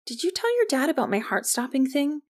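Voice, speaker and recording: A woman's voice: high-pitched, big pitch swings, a little fast, pitched above the performer's own voice. A woman voicing a wary teenage girl. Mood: anxious.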